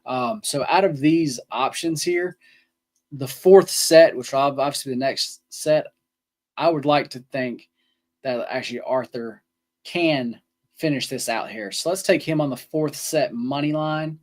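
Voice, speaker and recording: A man's voice: mid-range voice, measured pace. A man co-hosting a sports betting show, rambling casually with lots of ums and restarts. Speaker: co-host. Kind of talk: sports betting podcast chat.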